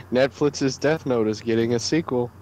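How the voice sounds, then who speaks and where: A man's voice: mid-range voice, unhurried, a little mellow, poor audio. A man chatting casually as a player, breaking in with small talk and stammering restarts. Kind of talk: casual chat.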